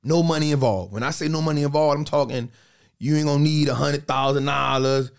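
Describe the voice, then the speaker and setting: A man in a casual podcast chat, telling stories in an animated, slangy way and repeating phrases for emphasis. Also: on the high side, brisk, gravelly, clear, resonant tone.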